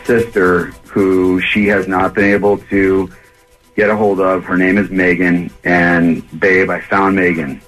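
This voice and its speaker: A man on a radio phone call, talking in a halting, stammering, apologetic way. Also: low voice, level tone, fairly bright tone, soft background music. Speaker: caller.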